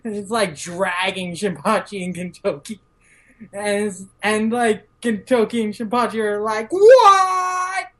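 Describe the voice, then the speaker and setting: A woman in a relaxed podcast chat, retelling a story with plenty of "like" and "uh". She jumps into quick, higher voices when she quotes the characters. Her voice sits at an ordinary middle pitch. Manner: many "like" fillers, acts out characters' lines in quick raised voices. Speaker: podcast guest. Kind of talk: casual manga recap.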